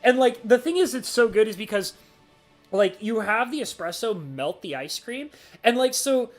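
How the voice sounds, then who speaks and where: A man's voice: high-pitched, normal speed, soft background music. A man chatting casually on a live stream, reading out chat messages and rambling with plenty of "like" fillers. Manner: animated, mock-ranting.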